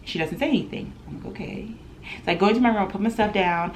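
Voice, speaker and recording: A young woman in her twenties telling an animated storytime in a home vlog, chatty and full of laughs. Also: mid-range voice, rapid-fire, slight background noise. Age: 20s. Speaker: vlogger.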